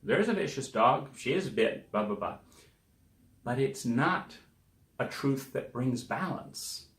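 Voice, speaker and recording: A man's voice: mid-range voice, animated, slow pace. A man hosting a self-help podcast, talking through examples in a conversational, emphatic way and acting out the people he quotes. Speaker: podcast host. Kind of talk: reflective self-help monologue. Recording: echoey room.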